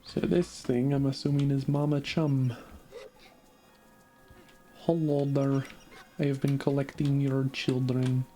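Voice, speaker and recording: A man's voice: medium pitch, level tone, takes it slowly, long pauses, mellow, faint music behind. A man streaming a game, reading its dialogue aloud in a jokey way and laughing often.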